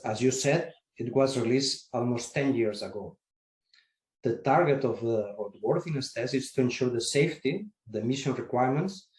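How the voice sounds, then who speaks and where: A man who serves as secretary general of an industry association answers interview questions formally and in a measured way, sometimes restarting his sentences. His voice is medium-pitched and darkish, recorded with a roomy echo.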